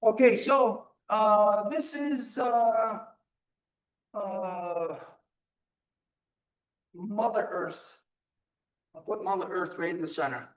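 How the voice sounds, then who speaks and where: A man's voice: high voice, drawn-out words, pauses often. A man giving an emphatic live teaching talk, asking his audience rhetorical questions. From Turtle Island.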